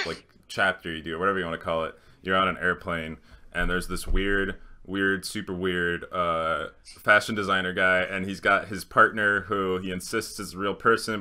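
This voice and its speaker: A young man co-hosting a podcast in casual chat, animated and swearing, with frequent restarts. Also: deep voice. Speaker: podcast co-host.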